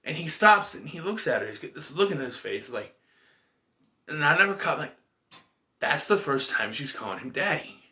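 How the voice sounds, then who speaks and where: A man's voice: on the high side, big pitch swings, normal speed, sharp tone. A man casually reviewing a movie in a vlog, retelling scenes in a rambling, emotional way.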